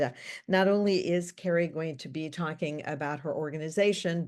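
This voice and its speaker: A woman hosting a webinar over a video call, introducing guests with friendly, scripted remarks and a few filler pauses. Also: fairly low pitch. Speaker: webinar host.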